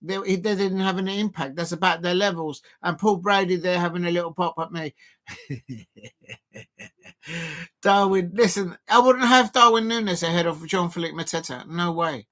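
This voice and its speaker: A man hosting a live football watch-along, chatting and calling the action in a rambling, excitable way that rises to shouts at big moments. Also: high voice, moderate pace. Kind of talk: live match commentary and chat.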